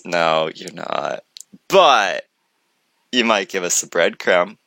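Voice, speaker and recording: Excitable rambling man, bright voice. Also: on the low side, slow pace, no echo. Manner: rambling, excitable, many restarts. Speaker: commentator reacting to a video. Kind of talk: excited reaction commentary.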